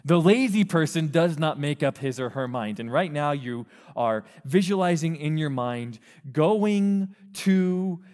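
Youth pastor, male, slightly high voice, lively preaching with acted-out asides, long hall reverb. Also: measured pace, few pauses. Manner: animated, acts out quoted voices of parents and teens. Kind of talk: sermon.

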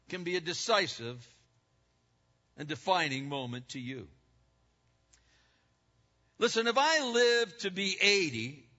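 A man in his seventies preaching a sermon, emphatic and swinging from loud declarations to hushed words. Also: sits high. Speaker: pastor. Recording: dull, lo-fi recording with long hall reverb.

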